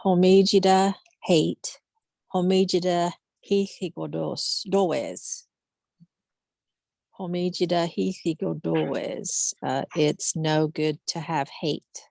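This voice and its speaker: Female learner, low gravelly voice, careful and slow, dry sound. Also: steady tone, mellow, dry recording. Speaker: student.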